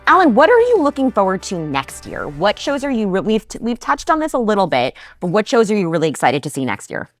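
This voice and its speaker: A woman's voice: mid-range voice, huge pitch swings, quick pace, few pauses, faint music behind. A woman from New Jersey co-hosting a casual podcast chat, enthusiastic and chatty with frequent fillers. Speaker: co-host.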